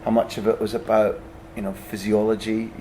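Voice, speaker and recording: A man's voice: on the low side, flat delivery, brisk, warm tone, slight background noise. A man hosting a podcast interview, asking long, searching questions scattered with fillers. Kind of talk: casual conversation.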